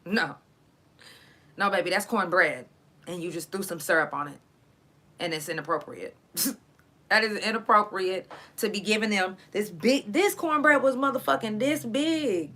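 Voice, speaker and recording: Profane laughing woman host, bright voice. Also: mid-range voice, normal speed. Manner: profane, laughing, drawls certain words for emphasis. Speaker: live show host. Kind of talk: casual storytelling to a live audience.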